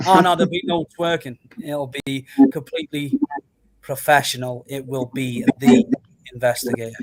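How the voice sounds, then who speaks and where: A man's voice: mid-range voice, steady tone, normal speed, low-quality recording. Laid-back man co-hosting. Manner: laid-back, self-mocking. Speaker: co-host, paranormal investigator. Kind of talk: casual chat.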